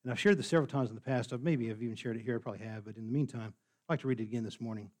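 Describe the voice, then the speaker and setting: Man, pastor, earnest sermon, fast delivery, middle pitch. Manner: earnest, repeats words when stressed. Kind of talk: sermon with a read-aloud story.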